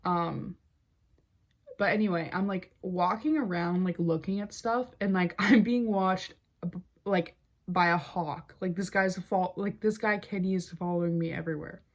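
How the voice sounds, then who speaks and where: A young woman with a slightly low-pitched voice tells a story on her podcast in a relaxed, chatty flow. Filler words pile up between her wry asides, and she keeps an amused storytelling tone throughout. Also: normal speed. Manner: chatty, heavy use of "like" fillers. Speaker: podcast host. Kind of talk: casual storytelling chat.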